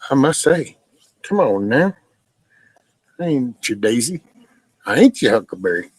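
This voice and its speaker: An older man in his sixties talks straight and salty to his live-stream viewers, folksy and unfiltered. His voice sits in an ordinary middle pitch. The sound is dry and close, with no room echo. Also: sing-song, measured pace, husky. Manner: blunt, folksy and profane. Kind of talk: casual live-stream chat reading comments.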